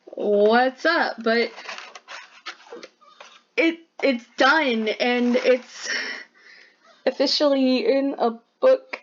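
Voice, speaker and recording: Bubbly woman artist rambling about her sketchbook, kinda high voice, muffled lo-fi sound. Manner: chatty, bubbly, many "like" fillers. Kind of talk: casual narration while drawing.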